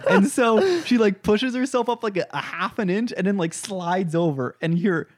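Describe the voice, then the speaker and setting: A young man telling stories in a casual chat, animated, laughing often and swearing freely. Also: sits high, normal speed, no room sound, studio quality.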